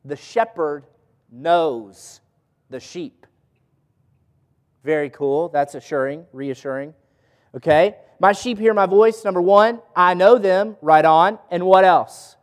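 High-voiced pastor teaching in a hall. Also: male voice, slow. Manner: asks the audience questions. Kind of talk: interactive Bible teaching.

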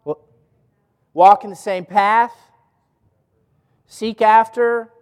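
A man's voice: high voice, steady tone, extremely slow, clear, resonant tone, big-room sound. A man teaching a Bible study as a pastor, often asking the audience questions.

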